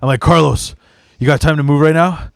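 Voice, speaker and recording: A man's voice: on the high side, fairly even intonation, a little fast, gravelly, no echo, studio quality. A man co-hosting a podcast in casual chat, cracking profane jokes and then telling his own story. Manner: wisecracking, profane, jokey asides. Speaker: podcast co-host. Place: podcast studio room.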